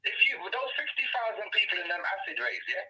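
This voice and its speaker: A man's voice: high-pitched, fast talker, crowd noise, low-quality recording. A man from England talking animatedly and casually, swearing as he reminisces. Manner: animated, swearing, nostalgic storytelling. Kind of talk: casual chat.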